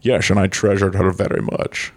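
A man's voice: low-pitched, level tone, moderate pace, husky. A man doing a comedic impression of an aging film star, with a slurred lisp that turns "s" into "sh". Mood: boastful. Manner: slurred lisping "sh" sounds, teasing and boastful. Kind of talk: comedic impression in podcast banter.

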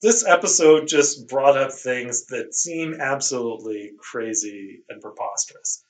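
A man's voice: mid-range voice, unhurried. A man co-hosting a podcast in casual chat, piling on sarcastic mock disbelief. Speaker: podcast co-host.

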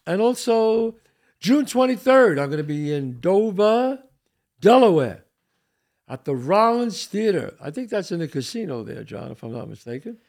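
Older male host, gravelly, slightly high voice, streetwise casual storyteller. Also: moderate pace. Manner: streetwise, animated storytelling with frequent asides. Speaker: podcast host.

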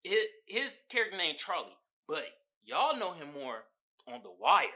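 Animated young man, bright voice. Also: fairly high pitch, normal speed. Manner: animated storytelling, swears a lot, acts out quotes. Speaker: podcast host. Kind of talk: casual chat.

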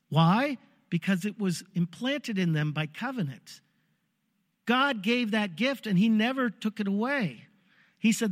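A man delivers a sermon as an animated story, his voice pitched fairly high for a man. A long hall reverb trails behind his words. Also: a little slow. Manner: storytelling, animated, acts out crowd cries. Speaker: preacher.

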